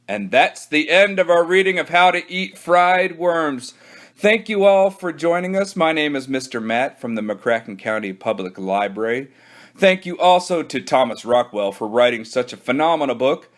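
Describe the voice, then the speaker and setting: A man, a children's librarian, reading a children's book aloud with animated storytelling. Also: fairly high pitch, normal speed.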